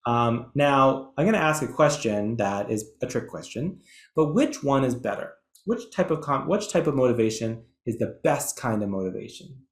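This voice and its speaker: A man's voice: medium pitch, lively intonation, moderate pace, reverberant. A man presenting an educational webinar in a chatty, enthusiastic way, with some self-deprecating asides. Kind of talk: webinar lecture.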